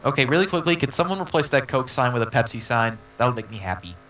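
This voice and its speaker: A man's voice: mid-range voice, very animated, fast, a bit bright, recorded from a distance, dull audio, slight background noise. A man co-commentating a sim race with playful, wisecracking banter. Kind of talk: joking banter.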